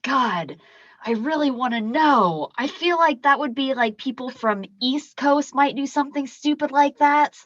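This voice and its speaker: High, bright podcast host, slightly lo-fi. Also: female voice, expressive, a little slow, no room sound. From South Dakota. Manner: blunt, reactive, profane. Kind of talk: casual chat. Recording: slightly dull lo-fi sound.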